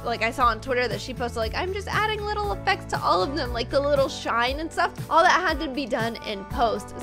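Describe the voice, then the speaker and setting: Bubbly high-voiced young woman gamer. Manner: bubbly, gushing, says "like" often. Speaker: gaming video host. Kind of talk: casual gameplay commentary. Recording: music playing behind voice.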